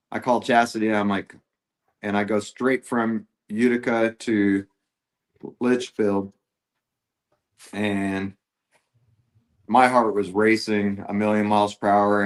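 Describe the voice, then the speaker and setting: Male guest, lowish voice, halting casual storyteller, podcast mic. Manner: halting, full of fillers and restarts. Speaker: guest, airbrush artist.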